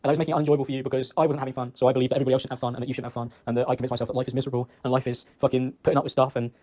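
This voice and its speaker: A man's voice: mid-range voice, level tone, very fast, hardly any pauses, warm tone. A young British man in a recorded personal voice message, rambling and reproaching himself, emotional and choked up, swearing often. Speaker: ex-boyfriend leaving an apology message.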